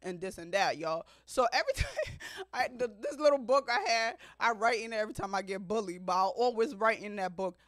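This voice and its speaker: A woman in her thirties from Africa, hosting a podcast and telling her life story to listeners in an expressive, chatty way, often laughing. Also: medium pitch, a little fast, dry recording, studio quality. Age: 30s. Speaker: podcast host. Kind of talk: personal storytelling monologue.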